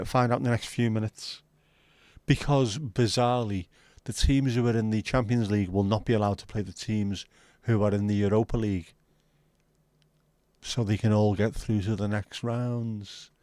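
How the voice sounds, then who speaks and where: A man's voice: fairly low pitch, fairly even intonation, moderate pace, a little mellow, no echo. A man hosting a livestream, chatting casually with his viewers in banter full of swearing. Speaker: livestream host. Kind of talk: casual chat with live viewers.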